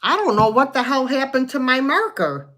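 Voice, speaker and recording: A woman's voice: high voice, big pitch swings, normal speed, bright, forceful tone. A woman hosting a live online sale, chatting in a folksy way, describing items and counting down sales. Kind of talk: live selling stream.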